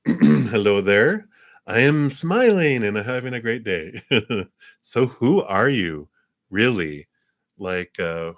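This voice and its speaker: A man with a very low, deep voice reading tarot cards on a live stream. He speaks in a gentle, spiritual manner, chuckles often, and drifts through fillers as he goes. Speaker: tarot card reader.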